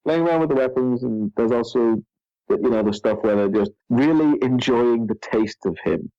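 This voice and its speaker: A man's voice: mid-range voice, moderate pace, dark tone, no echo. A man with a mid-range voice, co-hosting a casual podcast chat. He reacts with wry exasperation. His mic sounds dull, dry and a bit lo-fi. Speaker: podcast co-host.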